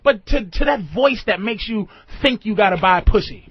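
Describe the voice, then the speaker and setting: A man hosting a call-in radio show, loud, profane and excitable, constantly interrupting. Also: high-pitched, moderate pace, slightly rough. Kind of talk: crude call-in radio banter. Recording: dull lo-fi radio audio, faint hiss.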